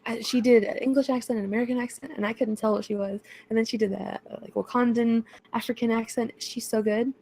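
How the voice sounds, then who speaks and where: A woman's voice: on the high side, fairly even intonation, fast talker, few pauses, darkish tone, a little hiss or hum. A woman co-hosting a casual podcast chat, talking in a gushing, chatty way and laughing often. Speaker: podcast co-host.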